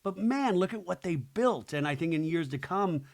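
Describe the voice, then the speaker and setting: A man's voice: high voice, lively intonation, normal speed, creaky. A man hosting a podcast, chatting casually through a reality TV recap with opinionated asides. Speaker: podcast host.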